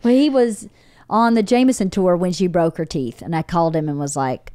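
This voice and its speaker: A middle-aged woman chatting on her podcast, full of lively storytelling energy. She acts out the people in her anecdotes and swears freely. The sound is close and dry, with no room around it. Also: lowish voice, a little fast, no echo. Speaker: podcast host. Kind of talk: casual chat, storytelling.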